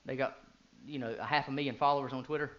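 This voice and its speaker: Fast and fairly even in intonation, this man in his thirties preaches a sermon that still moves from quiet, low speech to fervent, loud bursts. Rhetorical questions to the congregation abound, and the recording sounds muffled.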